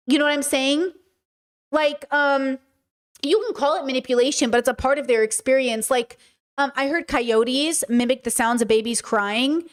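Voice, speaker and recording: Animated high-voiced woman livestreamer. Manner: animated, emphatic, reads and answers chat; many fillers and restarts, rhetorical questions. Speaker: streamer and podcast host. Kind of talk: casual livestream commentary.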